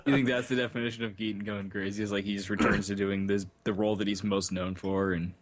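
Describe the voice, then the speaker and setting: A man's voice: on the low side, level tone, fast. A man co-hosting a casual comedy podcast, tossing in dry jokey asides. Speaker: podcast co-host.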